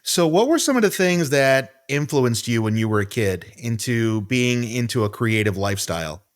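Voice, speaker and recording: Male podcast host, mid-pitched, plain short questions to a guest. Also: lively intonation, moderate pace. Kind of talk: interview questions.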